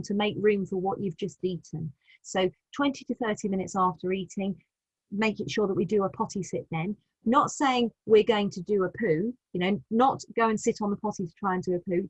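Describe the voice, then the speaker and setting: Gentle British woman giving patient advice. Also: mid-range voice, husky, dry recording, rough recording. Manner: gentle, patient explaining with frequent restarts. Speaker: continence advisor. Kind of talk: live online advice session.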